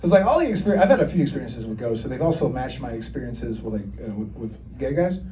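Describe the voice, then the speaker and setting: Speaking quickly in a mid-range voice, a thirty-something comedian delivers very animated, crude, self-deprecating stand-up and plays off the crowd. The audio is roomy and distant, captured live from a comedy club stage with noisy laughter around him.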